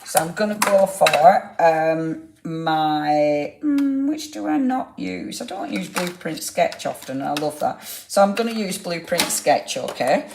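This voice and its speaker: A woman's voice: sits low, animated, a little slow, creaky, a little mellow. A middle-aged woman hosting a live craft demonstration, chatting casually to viewers' comments as she works. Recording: echoey room with faint noise.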